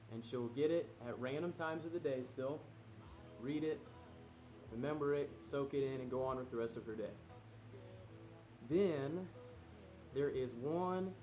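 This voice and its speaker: A young man speaks straight to camera, eager and earnest, his voice at an ordinary middle pitch. The sound is a little dull and lo-fi, like a home video. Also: slight background noise. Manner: earnest and excited, reads a heartfelt letter softly. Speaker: vlogger planning a proposal. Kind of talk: casual direct-to-camera talk.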